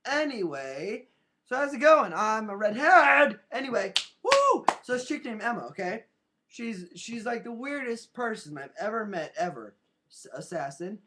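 This webcam vlogger has a high, sharp, very animated voice and talks at normal speed. Sitting at home, he rambles in a goofy, casual way with silly sound effects, picked up by the webcam's built-in mic.

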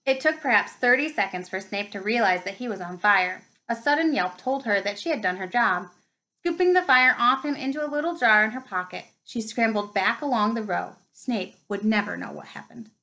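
A woman reads a children's novel aloud, telling the story in an expressive, lively way. Her voice sits fairly high. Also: moderate pace, rough recording. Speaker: reader.

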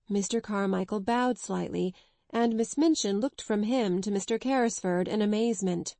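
A woman narrating a classic children's novel in an even, clear storytelling read. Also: medium pitch, normal speed, no room sound. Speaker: audiobook narrator. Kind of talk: scripted narration.

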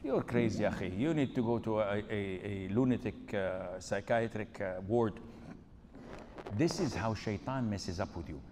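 With a lowish, somewhat slow voice over a noisy background, a male preacher delivers a lighthearted question-and-answer talk, voicing the characters in his stories. It takes place in an Islamic center lecture hall with long reverb on the recording.

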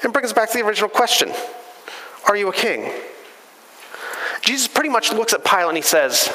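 A man pastor preaching a sermon in a conversational, animated storytelling way, in a church sanctuary. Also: high-pitched, brisk, long pauses. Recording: church hall reverb.

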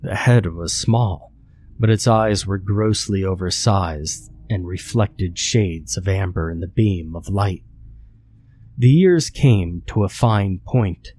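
A man narrating a scary story in a steady, measured way. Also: low-pitched.

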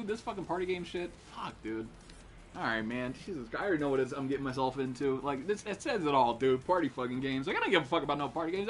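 A young man streaming a shooter game, cursing and trash-talking with friends in excited, loud outbursts. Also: a little high, a little hiss or hum. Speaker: gaming streamer. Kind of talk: live gameplay commentary with friends.

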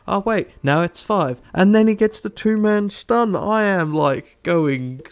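Excitable man commentating a game. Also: high voice, unhurried, hardly any pauses, smooth. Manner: animated, exasperated, quotes his own reactions. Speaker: gaming YouTuber. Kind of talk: casual gameplay commentary. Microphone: desktop mic, no camera.

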